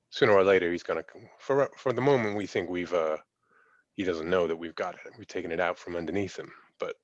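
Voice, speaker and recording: A man's voice: deep voice, no echo. A man playing his character in a tabletop game, drawling and folksy, hesitant at times, on a dull lo-fi mic. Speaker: player. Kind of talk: in-character tabletop role-play.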